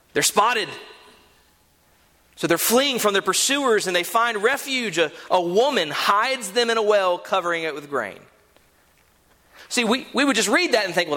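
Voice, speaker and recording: A man preaches a sermon, retelling a story with animated flair and stumbling over repeated words. His voice is bright and fairly high, and it swings widely in pitch. A long church-hall reverb trails after each phrase. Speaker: pastor.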